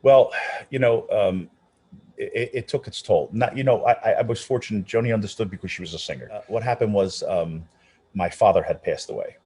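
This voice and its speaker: A man's voice: fairly low pitch, a little fast, slightly rough. A middle-aged man, an opera singer, telling anecdotes in an interview with many restarts and acted-out voices. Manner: animated storyteller, many restarts, acts out quoted voices. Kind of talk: casual storytelling interview.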